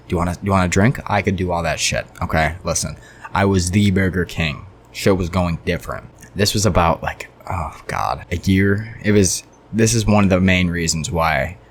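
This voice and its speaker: A young man with a very low, deep voice telling a story to camera. He swears freely and rambles off on side tangents in a loose, casual storytime rant. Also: slight background noise. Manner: profane, rambling, goes off on tangents. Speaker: storytime vlogger.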